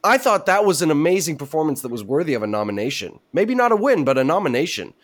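A man's voice: a little high, sing-song, fast talker. A man on a casual panel discussion, giving emphatic, opinionated takes.

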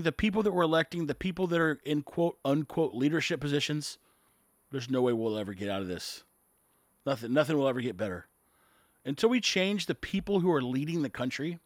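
An American business owner rants bluntly to camera about politics in a casual, exasperated, emphatic way. His voice is fairly high-pitched and a bit bright, captured in a dry recording with clean studio sound.

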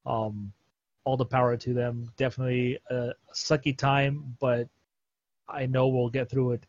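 A man hosting a casual podcast chat, excitable and quick to laugh, with slangy talk. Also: medium pitch, no echo, lo-fi sound. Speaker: podcast host.

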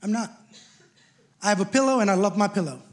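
Male pastor, sermon, very high voice, animated, climbs to shouts, questions the crowd. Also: quick pace. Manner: animated preaching, rising to shouts; asks the congregation questions.

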